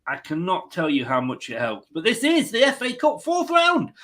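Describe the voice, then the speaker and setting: A man's voice: high voice, huge pitch swings, a little slow, sharp tone. A man hosting a live football watchalong, chatty and jokey, greeting viewers and reading out their comments. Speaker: fan channel host.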